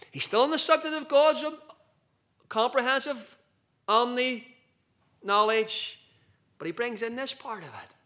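A man preaching a sermon to a group of men, slow and emphatic, with big swings between loud and soft. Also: very high voice, lively intonation.

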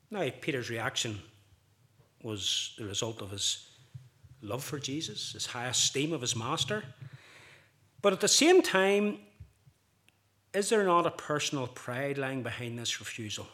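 Animated man preaching a bright sermon. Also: a little slow, pauses often. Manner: impassioned, swelling louder and higher on dramatic points; acts out quoted speech vividly.

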